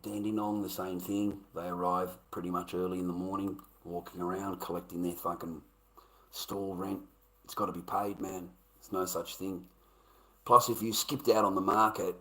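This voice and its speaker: A man's voice: low voice, flat delivery, normal speed, pushed and bright, poor audio. An Australian man, a livestreamer, in casual rambling chat, swearing constantly and calling everyone mate.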